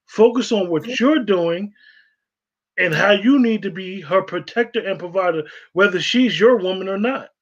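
Emphatic man, high voice, dull lo-fi sound, preachy co-host. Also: moderate pace. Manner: emphatic, preachy, repeats for stress. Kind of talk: casual online discussion.

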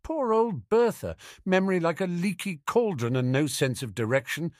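A man's voice: on the high side, animated, moderate pace, no echo, clean studio sound, voice pushed up, natural voice. A man voicing a jovial, careless middle-aged gambler who talks in a breezy, sing-song way.

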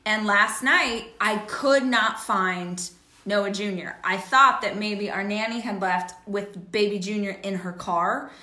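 Bright chatty woman in an echoey room. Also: medium pitch, slow. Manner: chatty, lively storytelling. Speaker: podcast co-host. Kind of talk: casual chat.

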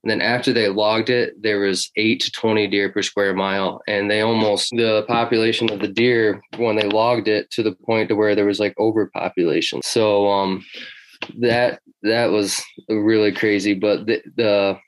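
A man's voice: fairly low pitch, little pitch movement, moderate pace, poor audio. A man talking casually about hunting history in an interview, rambling with many fillers and restarts. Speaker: hunting guest.

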